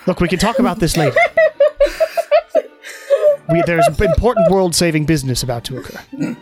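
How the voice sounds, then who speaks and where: A man's voice: high-pitched, wildly swooping pitch, moderate pace, loud music behind the voice. A man voicing a possessed male cleric who talks earnestly and apologetically, at times stammering. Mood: defensive. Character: possessed young male cleric, solemn then flustered.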